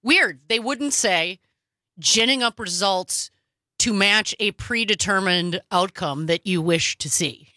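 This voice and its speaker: Indignant bright-voiced woman co-host. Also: mid-range voice, slow pace, no room sound. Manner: indignant, emphatic, sarcastic. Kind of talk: political talk show discussion.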